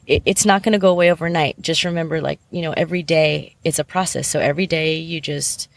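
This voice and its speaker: A woman's voice: deep voice, fairly even intonation, fast, creaky, dry recording. A middle-aged woman, a podcast guest, giving reflective, earnest advice in a candid interview, with many fillers.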